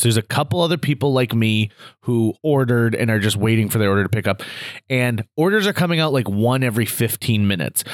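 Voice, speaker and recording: A man hosting a podcast, telling an anecdote in a casual chat and acting out other people's lines with quick asides. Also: medium pitch, dry recording, clean studio sound. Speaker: podcast host.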